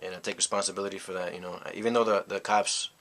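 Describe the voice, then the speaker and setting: In a casual monologue, a young American man shares a personal story as a vlogger, his deep voice level and his pace fast. He comes across bright and forceful, rambling and reflecting, leaning on "you know" after nearly each thought.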